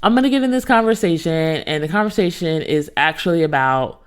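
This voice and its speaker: A woman in her thirties hosting her own podcast, telling a story in a casual, expressive way and talking straight to her listeners. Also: low voice, fairly quick, clear, resonant tone. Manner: animated, expressive, talks to listeners directly. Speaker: podcast host.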